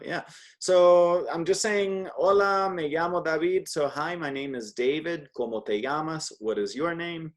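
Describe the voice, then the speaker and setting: A man's voice: fairly high pitch, a little mellow. A man teaching a one-on-one beginner Spanish lesson, chatty and patient, modeling words for his student to repeat.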